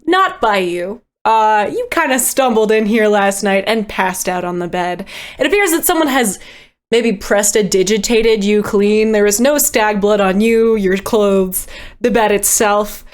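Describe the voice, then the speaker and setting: A woman's voice: mid-range voice, unhurried. A woman narrating scenes as game master of a tabletop game, easygoing and descriptive, with small chuckles.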